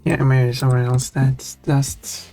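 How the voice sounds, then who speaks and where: A man's voice: mid-range voice, level tone, unhurried, creaky, mellow, faint music behind. A man in casual stream chat who thinks aloud, chatty and easily drawn into tangents about language.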